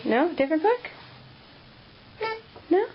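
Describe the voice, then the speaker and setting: A woman gently coaxing and praising her toddler in soft baby talk, filmed at home on a handheld camera. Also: sits high, very animated, slow. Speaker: parent filming her toddler. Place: home, by the stairs and in a child's room. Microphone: handheld camera filming from behind. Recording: dull lo-fi home video with background noise.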